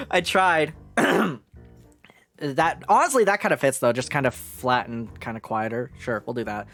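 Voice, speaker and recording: Excitable, swearing woman streamer. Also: rumbling low, moderate pace, over music. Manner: excitable, swearing, reacting loudly. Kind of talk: live game playthrough.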